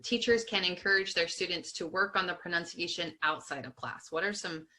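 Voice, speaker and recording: A woman's voice: lowish voice, brisk, bright, forceful tone. Upbeat woman hosting a podcast. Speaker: podcast host. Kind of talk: interviewing a guest.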